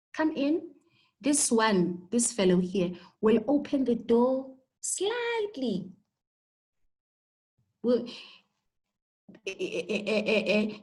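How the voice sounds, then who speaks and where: Slow-talking South African woman teacher. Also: medium pitch, a little mellow, poor audio. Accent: South African English. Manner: slow, repetitive, with stammered repeats and many "okay?" checks. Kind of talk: live online lesson.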